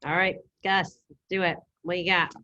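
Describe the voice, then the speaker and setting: A woman teaching an online language class, giving brisk, upbeat coaching over a video call. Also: on the low side, little pitch movement, sharp tone, highs cut off, slight background noise. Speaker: Spanish teacher.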